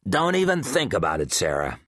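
A man's voice: low voice, huge pitch swings, fairly quick, fairly bright tone, dry recording, clean studio sound, full character voice. A man voicing a tough male station chief, a marine biologist who barks orders in a raised, clipped voice. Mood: firm.

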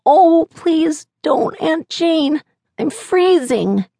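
A woman voicing a sleepy, earnest six-year-old boy who pleads in a drowsy, drawn-out way. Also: high-pitched, lively intonation, vocal fry, dark tone, no room sound, studio quality, voice pushed up, full character voice. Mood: sleepy pleading.

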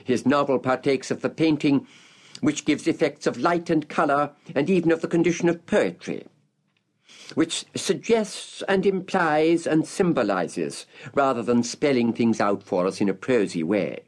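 A man narrating an audiobook's literary introduction in a measured, expressive reading with marked pauses. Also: mid-range voice.

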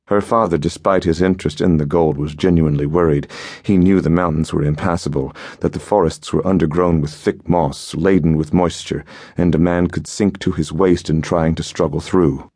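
A man narrating an adventure story in a measured, steady audiobook reading. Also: extremely low pitch, no echo, studio quality. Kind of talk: scripted narration.

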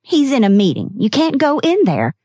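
A woman's voice: sits high, huge pitch swings, normal speed, mellow, husky, no room sound, pitched above the performer's own voice, exaggerated voice. A woman voicing a nervous young woman secretary who speaks in an anxious, pleading way, read for an audiobook.

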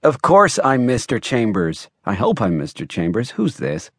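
Guy doing a cranky sleepy private eye, gruff and wry, bouncy pitch. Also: wildly swooping pitch, normal speed, no room sound, clean studio sound, full character voice. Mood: groggy. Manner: grumpy, wry. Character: groggy, gruff private eye woken too early.

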